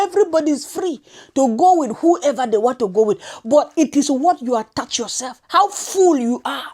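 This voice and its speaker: A woman's voice: high voice, a little mellow. A woman, scolding and insulting as she rants in a reaction vlog. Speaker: reaction commentator.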